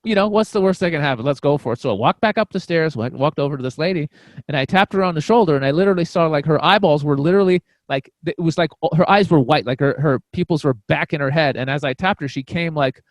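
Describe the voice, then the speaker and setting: A comedian on a podcast telling a story in a casual, rambling way, full of fillers and restarts. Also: male voice, on the high side, fast, no echo. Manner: acts out quoted voices.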